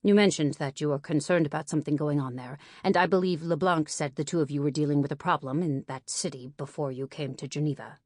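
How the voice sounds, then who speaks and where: A woman reading an audiobook, voicing a tall, formal Nigerian man who speaks in a measured, courteous way. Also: fairly high pitch, fairly even intonation, no echo, clean studio sound, close to an everyday voice.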